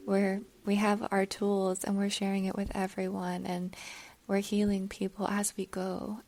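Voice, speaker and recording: A woman hosts in an earnest, affirming way and often repeats her phrases. Her voice is mellow and gravelly. Her pitch stays flat and even. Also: a little slow. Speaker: podcast host. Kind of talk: encouraging interview talk.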